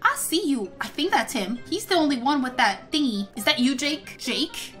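Woman game host, high bright voice, dramatic gasping kid role-play, faint music under. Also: very animated, normal speed. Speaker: gaming channel host.

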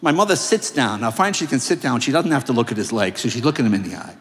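A man in his sixties accepting an award on a large theater stage, telling comic stories in an animated, jokey way. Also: mid-range voice, rapid-fire. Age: 60s. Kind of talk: stand-up storytelling. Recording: long reverb of a large theater.

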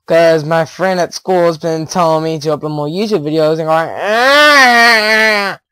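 A teenage boy chatters through his gameplay in a rambling, excitable way, breaking into giggles and sudden yelps. His voice sits high for a young man. He speaks into a headset mic, and the sound is close and dry with no room echo. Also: a little fast, smooth. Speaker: gaming YouTuber. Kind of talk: casual gameplay commentary.

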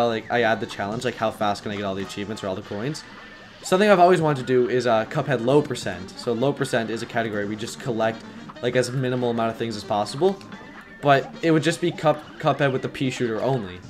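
A man giving rambling live gameplay commentary, excitable and prone to yelling when things get stressful. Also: medium pitch. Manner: rambling, filler-heavy. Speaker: gaming YouTuber.

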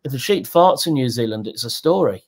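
A man in his sixties, a guest telling candid, animated stories in a conversational interview. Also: brisk. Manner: animated, jumps in pitch, acts out quotes.

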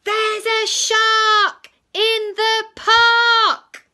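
A woman voicing an excited little boy who shouts out loud in alarm. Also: very high-pitched, very slow, voice pushed up, heavily acted. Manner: shouting at full volume.

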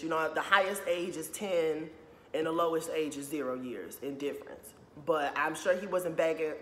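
A man's voice: fairly high pitch, fairly bright tone, a little hiss or hum. A young man ranting in a casual opinion vlog, blunt and profane, repeating "you know what I'm saying" again and again. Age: young adult. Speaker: YouTuber. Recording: echoey room with long reverb.

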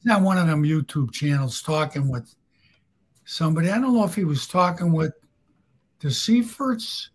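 A man with a husky, somewhat high voice spins casual, blunt stories from his past. He talks plainly and swears without a second thought. He often laughs at his own punchlines. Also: animated, moderate pace. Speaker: guest storyteller. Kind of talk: casual storytelling.

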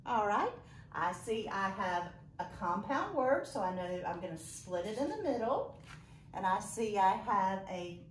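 A woman's voice: mid-range voice, reverberant, a little hiss or hum. A woman teaching a phonics lesson on video, encouraging and praising students by name as she spells words out letter by letter. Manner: slow, deliberate letter-by-letter spelling.

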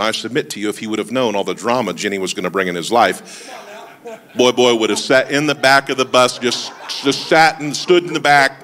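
A man's voice: mid-range voice, pushed and bright. A man preaching a sermon as lead pastor, telling stories with humorous asides and calling out to the congregation for responses. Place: church service.

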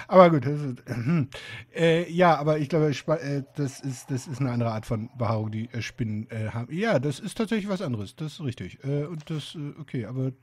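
A man giving amused, halting commentary while playing a game. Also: medium pitch, a little mellow, breathy edge. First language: German. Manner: amused, halting, many fillers. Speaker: let's player. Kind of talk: casual gameplay commentary.

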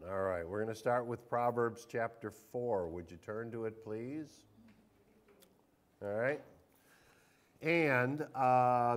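A man, a pastor, leading a Bible study, reading scripture aloud with emphasis and questioning the group. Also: medium pitch.

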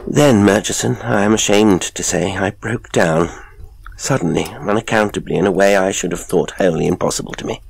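Male reader as distressed scholar, husky and deep, agitated, for a horror audiobook. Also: moderate pace, no echo, heavily acted. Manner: agitated, heightened, rising to cries. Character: shaken, proud male professor confessing his terror.

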